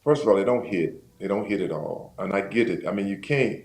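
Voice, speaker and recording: Deep-voiced man in a roomy space. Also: fairly quick, vocal fry. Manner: animated storyteller who acts out quoted voices. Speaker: guest, retired football player. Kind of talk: casual storytelling chat. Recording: roomy echo, faint background noise.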